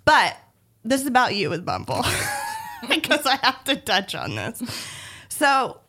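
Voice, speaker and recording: A woman's voice: a little high, huge pitch swings, moderate pace, gravelly, sharp tone. A young woman hosting a podcast, chatting casually and teasing her guest in a friendly way. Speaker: podcast host.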